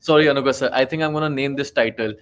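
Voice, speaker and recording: A man's voice: mid-range voice, fairly even intonation, rapid-fire. A man co-hosting a podcast, cutting in briefly and apologetically. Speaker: podcast co-host. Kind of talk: casual podcast chat.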